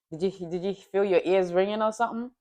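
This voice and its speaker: Teasing woman with a lively voice. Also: medium pitch. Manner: playful, teasing, laughs often. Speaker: livestream host. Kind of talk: casual chat.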